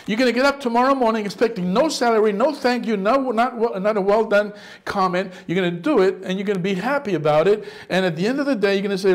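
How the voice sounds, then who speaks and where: A middle-aged male pastor preaching a sermon in an animated way, often acting out the voices of people he quotes. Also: high-pitched, brisk.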